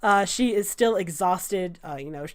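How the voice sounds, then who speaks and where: A woman narrating a tabletop game as game master, halting with frequent fillers. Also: fairly low pitch. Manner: hesitant, many fillers.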